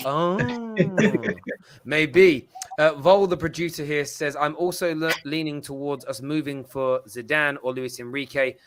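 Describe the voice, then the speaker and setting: A man's voice: a little high, unhurried, crowd noise. A man hosting a football fan show, bantering and reading out viewer comments. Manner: playful banter, reads out comments. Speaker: host. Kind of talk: fan reaction show chat.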